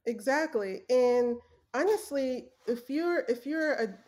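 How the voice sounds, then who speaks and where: A woman's voice: sits high, expressive, slow pace, a little mellow. An earnest young adult woman telling her story in a casual interview, with fillers and restarts. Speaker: guest, former journalist.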